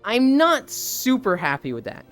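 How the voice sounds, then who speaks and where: A woman's voice: a little high, measured pace, faint music behind. A young woman streamer chatting casually and animatedly, swearing freely as she rants about a game's story. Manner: animated, profane, ranting about a game story. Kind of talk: casual live-stream chat.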